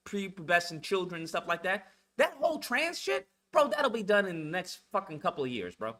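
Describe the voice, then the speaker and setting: A man's voice: sits high, bright, forceful tone. A man delivering a heated, profane monologue rant as a channel host, blunt and repetitive, lecturing his listeners.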